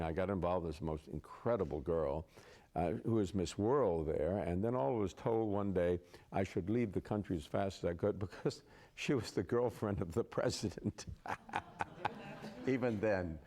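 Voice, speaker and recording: Interview guest, male actor: low, mellow voice, chatty storyteller. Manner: chatty raconteur, laughs through stories. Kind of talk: anecdotal storytelling.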